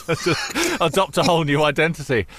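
A man's voice: a little high, sing-song, normal speed, a bit bright. A man hosting, reading out a listener's letter and summing up the advice. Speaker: host.

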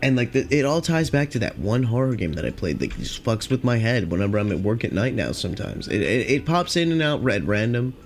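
A young man hosting a podcast, rambling casually and profanely with lots of filler, and high on cannabis. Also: sing-song, a little fast, few pauses, slight background noise. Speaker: podcast host.

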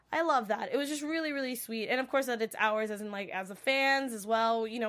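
A young woman recaps a TV episode on her vlog, her voice pitched a little high. She gushes as she talks and fills her sentences with "like" and "you know". The delivery is loose and unscripted. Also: fairly bright tone. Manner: gushing, filler-heavy, lots of "like" and "you know". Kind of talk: casual spoken recap.

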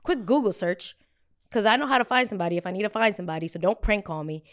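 A woman's voice: mid-range voice, expressive, quick pace. A woman hosting a show, chatting casually about pop culture in a blunt, gossipy and profane way, often going off on tangents. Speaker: host.

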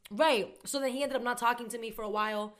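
A woman's voice: fairly high pitch, steady tone, fast, a bit bright. A young woman co-hosting a casual chat, telling a story in slang and acting out both sides of the conversation. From Boston area. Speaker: podcast co-host.

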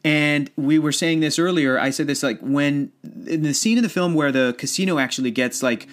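A man in his thirties talking about movies in a casual chat, rambling and animated, often laughing. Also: a little high, moderate pace.

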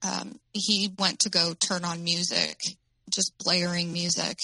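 A woman telling her own story as an interview guest, in a halting way with many fillers. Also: on the low side, flat delivery, vocal fry, sharp tone, no room sound, rough recording.

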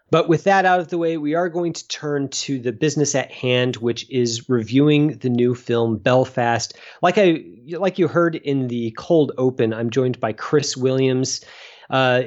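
A man's voice: medium pitch, dull audio. A man hosting a film podcast, chatting casually with many restarts and asides. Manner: relaxed, rambling with restarts. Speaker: podcast host.

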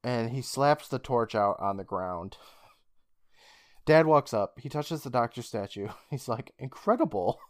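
A man co-hosting a casual podcast, retelling a show's scenes with quick character lines and frequent laughs. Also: mid-range voice, clear, resonant tone, no room sound, clean studio sound. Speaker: podcast co-host. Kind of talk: casual recap chat.

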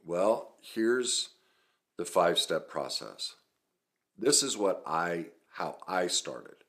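A man's voice: deep voice, animated, slow pace, a bit bright. A middle-aged man, a self-help coach, talking earnestly and emphatically in a video, sharing his own story.

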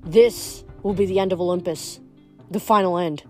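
A woman reading aloud, voicing a tough teenage girl fighter who grumbles bluntly in a low voice. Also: steady tone, moderate pace, soft background music, natural voice. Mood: grim, tough.

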